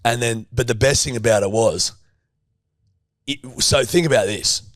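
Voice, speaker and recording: A man's voice: mid-range voice, normal speed, no echo, studio quality. A man, co-hosting a podcast and telling a rowdy story, swearing heavily. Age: 30s. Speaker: podcast co-host. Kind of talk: casual chat.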